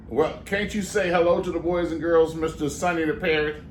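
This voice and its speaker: A man's voice: on the high side, normal speed, reverberant, slight background noise. A man performing as a ventriloquist for children, coaxing and mock-exasperated with his parrot puppet. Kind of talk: children's comedy act.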